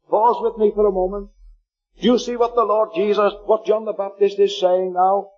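A man from Liverpool, England, with a Liverpool accent, preaching a fervent sermon and slowing down to read scripture aloud. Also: high-pitched, steady tone, lo-fi sound.

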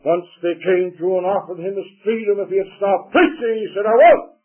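A man preaching a sermon emphatically, rising to loud declarations and dropping to low asides. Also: a little fast, slightly rough, soft background music. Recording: tinny, phone-like old sermon recording.

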